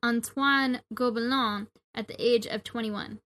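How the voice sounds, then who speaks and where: A woman's voice: a little high, steady tone, unhurried, fairly bright tone. A woman hosting a podcast, telling a true-crime history story in a chatty way with asides. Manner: chatty, reads notes with asides. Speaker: podcast host.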